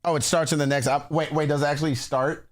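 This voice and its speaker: A man's voice: fairly high pitch, fast talker. A man chatting casually on a livestream, reacting to music with slangy talk and frequent laughter. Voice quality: animated, laughs often, slangy.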